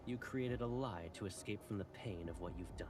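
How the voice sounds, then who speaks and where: A man voicing a calm, cold male fleet officer who lays out accusations in a measured, even tone. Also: lowish voice, crowd noise, natural voice. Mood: coldly calm. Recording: game audio under loud music, distant.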